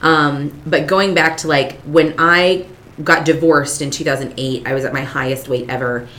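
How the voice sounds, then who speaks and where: A woman's voice: deep voice, steady tone, normal speed, a bit bright. A woman podcast co-host in her thirties, chatting frankly and swearing freely. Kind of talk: casual chat.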